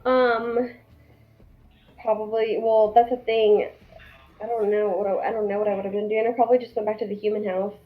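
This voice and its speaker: A woman's voice: mid-range voice, little pitch movement, normal speed. A woman playing a tabletop game, talking casually and hesitantly with lots of fillers. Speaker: player. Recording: dull lo-fi audio.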